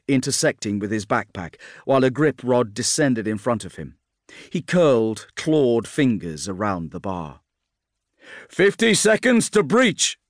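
A man reading a science-fiction war story as an audiobook narrator, in a steady, measured storytelling manner. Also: medium pitch, no room sound, studio quality. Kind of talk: scripted narration.

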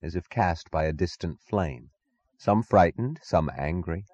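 Man, audiobook narrator, very low voice, mellow dark tone, dry dull lo-fi sound. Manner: deliberate, expressive reading. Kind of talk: scripted literary narration.

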